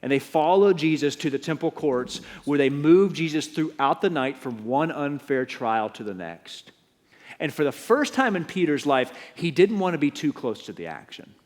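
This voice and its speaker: A man preaching a sermon as pastor, telling the story with animated, acted-out delivery. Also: on the high side, normal speed. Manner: animated storytelling, acting out scenes. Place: church. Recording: long church reverb.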